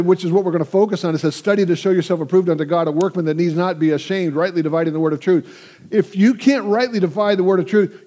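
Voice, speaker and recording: A man's voice: high voice, dark tone. A man in his sixties preaching a sermon, telling stories energetically and engaging his audience. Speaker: pastor.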